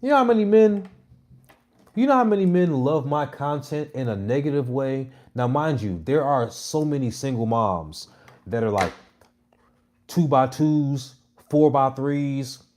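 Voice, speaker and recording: A man in his thirties delivering a brash, mocking monologue to his viewers, with loud jabs and muttered asides. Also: medium pitch, lively intonation, unhurried. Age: 30s. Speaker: comedy content creator. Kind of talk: casual provocative monologue.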